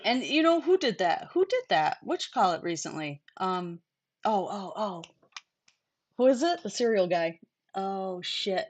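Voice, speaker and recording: A woman chatting on a casual livestream with a friend. She talks bluntly, swears without a second thought and breaks into laughter often. Her pitch sits in the middle range. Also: big pitch swings, unhurried, slight background noise. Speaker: host.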